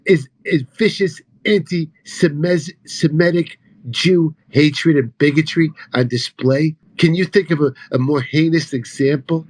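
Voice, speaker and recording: A man giving profane, mocking commentary over news clips, sarcastic and crude, swinging between loud outbursts and low mutters. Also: a little slow.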